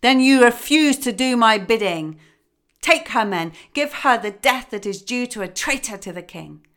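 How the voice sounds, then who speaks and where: A stern old king of a folk tale, commanding and quick to anger, as a woman storyteller puts him on. His voice sits low and firm, pressing hard on each demand. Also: a little mellow, natural voice. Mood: furious. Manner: commanding, rising to fury. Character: stern old male king, angry father.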